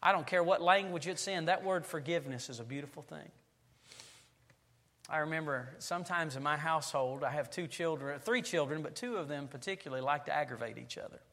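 A man in his forties preaching a Sunday sermon, his voice pitched a little high and ringing with forceful brightness. He tells stories with animation, acting out scenes as he goes. The sound carries a long reverb from a church sanctuary. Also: fairly quick. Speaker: pastor.

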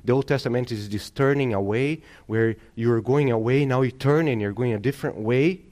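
A male pastor preaches at a middle pitch, driving his points home with emphasis. He repeats key phrases and pauses to ask the congregation for an amen. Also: darkish tone. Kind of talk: sermon.

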